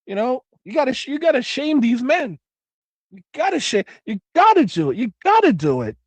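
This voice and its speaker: A middle-aged man with a high-pitched voice hosts a loose livestream, swearing freely and circling back over his own phrases. He reads viewer comments aloud in a casual, rambling way. The sound is dry and close, with no room around it. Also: big pitch swings, moderate pace, dry recording. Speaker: livestream host reading chat. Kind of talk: casual profane livestream chat.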